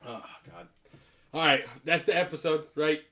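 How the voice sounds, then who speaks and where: Laughing, animated podcast host. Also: male voice, fairly high pitch, normal speed. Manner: animated, laughs often, swears, says "like" a lot. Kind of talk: casual chat.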